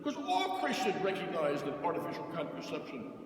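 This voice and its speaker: A man preaching a sermon as a Catholic priest, emphatic, swinging from loud declarations to soft, quiet asides. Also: fairly high pitch, wildly swooping pitch, fairly quick. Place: church. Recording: very echoey church from far off.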